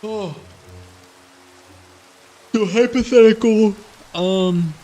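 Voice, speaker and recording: A man's voice: high voice, drawn-out words, warm tone, soft background music. Rambling male game streamer. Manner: rambling, giggly, trailing off. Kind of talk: casual gaming commentary.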